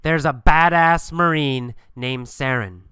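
A man's voice: fairly high pitch, slow pace, clean tone, no room sound, studio quality. A man teaching English through a funny mini story, asking and answering simple questions with strong emphasis. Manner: animated, repetitive, emphatic questioning.

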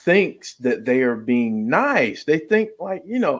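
Male co-host, slow, careful delivery, expressive pitch, casual chat with restarts. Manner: hesitant, careful, many restarts. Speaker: podcast co-host.

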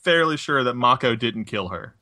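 A man's voice: medium pitch, animated, moderate pace, pushed and bright, dry recording, clean studio sound. A young man co-hosting a podcast in casual chat, musing aloud, laughing easily and correcting himself mid-thought. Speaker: podcast co-host.

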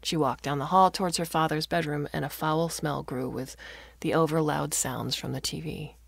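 Low, gravelly woman narrator. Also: steady tone, normal speed, dry recording. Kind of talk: scripted story narration.

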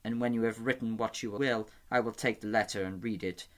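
A soft-spoken eunuch spymaster, read by a man in a fantasy audiobook. Courteous and wry, he sounds smooth and unhurried, sitting a little low in pitch. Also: steady tone, natural voice. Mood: sly.

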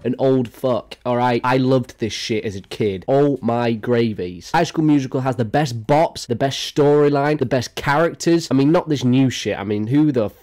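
A man in his twenties chatting casually and excitedly as a YouTuber ranking songs, crude and jokey, swearing freely. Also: medium pitch, moderate pace, hardly any pauses, faint music behind. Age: 20s. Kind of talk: casual tier-list commentary.

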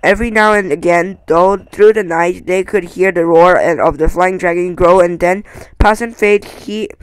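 Casting: amateur male reader of a storybook, high smooth voice, stumbling delivery. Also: no room sound, low-quality recording. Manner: halting, stumbling, many restarts. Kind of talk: reading a novel aloud.

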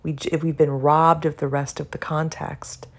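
A woman's voice: low-pitched, level tone, normal speed. A middle-aged woman, a psychologist, giving an earnest, reassuring educational talk and often checking in with her listeners. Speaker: psychologist educating about benzodiazepine withdrawal.

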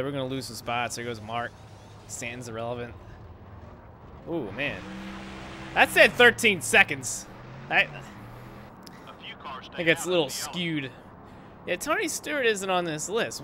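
A young man giving casual, rambling gameplay commentary, sarcastic and quick to swear when frustrated. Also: on the high side, animated. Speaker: gaming YouTuber. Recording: loud engine noise behind voice. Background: game engine noise.

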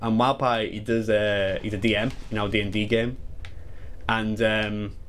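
A man in his twenties chatting casually and excitedly while playing through a game, swearing freely and wandering into asides. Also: on the low side, unhurried, a little hiss or hum. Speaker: gaming YouTuber. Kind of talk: live speedrun commentary.

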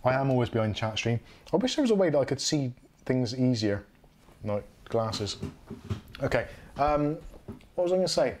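A man's voice: medium pitch, very animated, moderate pace, long pauses, slight background noise. A man from England with a West Country accent, hosting a casual livestream chat from home, rambling and correcting himself as he goes. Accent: English West Country. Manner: rambling, self-correcting, chatty. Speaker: livestream host.

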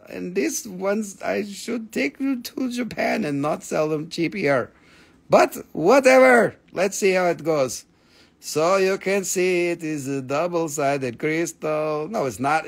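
A man's voice: sits high, vocal fry. A man hosting a live rock sale stream, joking and swearing freely in non-native, broken English. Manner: joking, profane, playful. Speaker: host and rock seller.

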